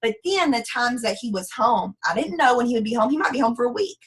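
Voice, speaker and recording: A woman's voice: fairly high pitch, fast talker, rough recording. A woman, giving a folksy, sassy motivational business training talk. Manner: sassy, folksy and animated, acts out quoted voices. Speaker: network marketing team leader.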